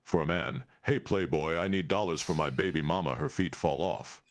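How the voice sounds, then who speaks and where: A man's voice: very deep voice, moderate pace. A man playing a stranded male Klingon alien who speaks stiffly and formally, without contractions, in a tabletop role-play. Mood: eager. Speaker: player.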